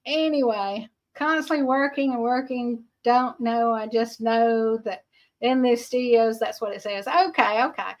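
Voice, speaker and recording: Middle-aged georgia lady chatting on her livestream, country twang, high voice, laughs a lot. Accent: Southern US, Georgia. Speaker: livestream host. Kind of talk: casual livestream chat reading comments.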